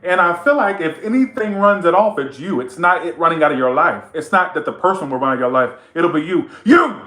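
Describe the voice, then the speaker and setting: A male tarot reader talks straight to his viewers in a casual, teasing way. His bright, sharp voice carries blunt, profane remarks. The sound is roomy and echoing. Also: on the high side, lively intonation, quick pace. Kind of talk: casual tarot reading to camera.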